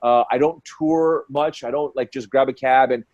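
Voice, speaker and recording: A man in his forties, a fight commentator guest, telling stories in an excitable, quick way and acting out what people said. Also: medium pitch, dull audio. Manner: excitable, quick storyteller who acts out quotes. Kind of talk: animated storytelling in conversation.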